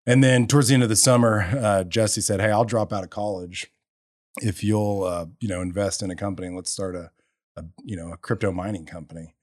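This podcast guest, an energy entrepreneur from Texas, speaks a little fast in a lowish voice while recounting his story in relaxed conversation. He acts out quotes animatedly and laughs along in bursts. The recording is dry and studio quality.

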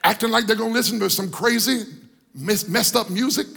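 High, gravelly preacher. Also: male voice, fairly quick. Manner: preaching with sung cadences, shouting climaxes. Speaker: pastor. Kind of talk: sermon. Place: church hall. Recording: long hall reverb, organ music behind.

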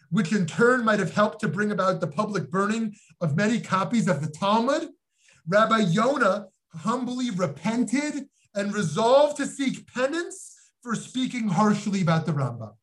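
High-voiced man teaching a rabbinic class. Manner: earnest, scholarly, with many restarts. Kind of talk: recorded lecture with personal anecdote.

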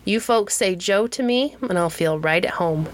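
A woman's voice: lowish voice, moderate pace, a little hiss or hum, lightly acted. A woman voicing a friendly, lean circus lion man who talks in a hearty, easygoing way in a storybook reading.

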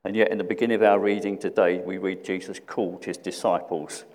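A man with a lowish voice gives a reflective sermon. He repeats questions and drops to a hush. The sound rings with the long reverb of a hall. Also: fairly even intonation, a little fast. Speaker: preacher.

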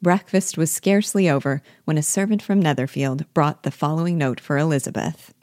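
A woman reading a classic novel aloud in a measured, clear storytelling manner, lightly shading the characters' lines. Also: low voice, darkish tone, dry recording, studio quality. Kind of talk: audiobook-style literary reading.

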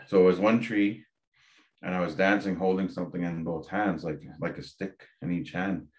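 A man's voice: deep voice, fairly even intonation, normal speed, darkish tone. A man, a podcast guest candidly telling a personal story with frequent fillers and restarts. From Ontario, Canada.

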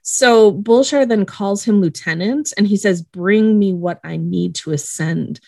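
A woman's voice: mid-range voice, unhurried, vocal fry, darkish tone, no echo, clean studio sound. A woman co-hosting a podcast, recapping a show episode in a casual, chatty way with wry asides and laughs. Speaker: podcast co-host.

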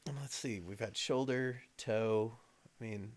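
A man hosting a casual podcast, easygoing and agreeable, quick to laugh. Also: mid-range voice. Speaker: podcast host.

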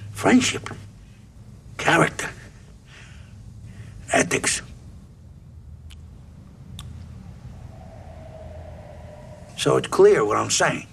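Crime film: an aggrieved gangster boss, raspy and gravelly, pitch swinging all over. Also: male voice, big pitch swings, slow pace, fairly bright tone, heavily acted. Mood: insistent. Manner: complaining, insistent. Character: aggrieved middle-aged male gangster boss.

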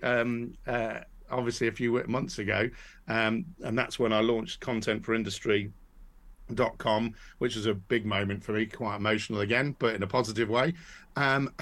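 A man speaks as a podcast guest, talking casually and at length. He restarts his sentences often and fills the pauses with little asides as the story wanders along. His voice sits at an average pitch for a man. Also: a bit bright. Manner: rambling, many restarts and fillers.

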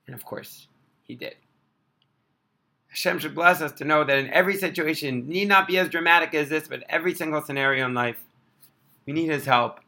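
A man telling an inspirational religious story in an animated, expressive way. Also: on the high side, a little fast, pauses often.

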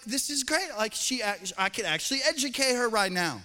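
Pastor guy with a high bright voice, casual joking sermon, echoey church. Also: expressive, quick pace. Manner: conversational, jokey storytelling that drops to soft, earnest appeals. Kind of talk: sermon with humorous family anecdotes. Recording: long hall reverb.

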